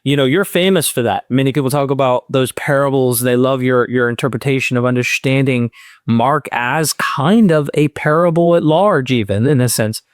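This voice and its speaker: A man hosting a podcast, asking long, deliberate questions in a conversation. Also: medium pitch, no room sound, clean studio sound. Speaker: podcast host. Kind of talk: interviewing in conversation. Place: indoors, in-person conversation.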